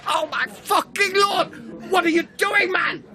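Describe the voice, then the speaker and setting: A man's voice: very high voice, big pitch swings, moderate pace, gravelly, crowd noise, heavily acted. A man voicing a panicked, foul-mouthed middle-aged potter in an improvised comedy role-play, melodramatic and swearing. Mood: shrieking in pain.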